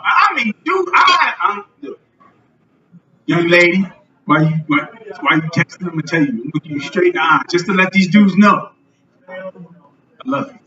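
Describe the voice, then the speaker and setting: A man hosting a live podcast on a club stage, joking loudly and swearing a lot. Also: high-pitched. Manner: loud, profane, joking. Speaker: podcast host. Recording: roomy lo-fi live venue recording from a distance.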